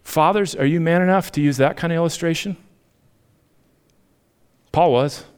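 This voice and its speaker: A male pastor with a slightly high, clean-toned voice preaches at a normal speed. Asking his congregation rhetorical questions, he swings between strong, emphatic rises and soft, subdued sections.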